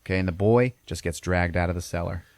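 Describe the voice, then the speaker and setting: A man with a very low voice walks through a film plot casually, cursing freely and tagging lines with "okay?" and "all right?". The recording is dry and close. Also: fast, darkish tone, no room sound. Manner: profane, peppers lines with "okay?". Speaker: podcast host.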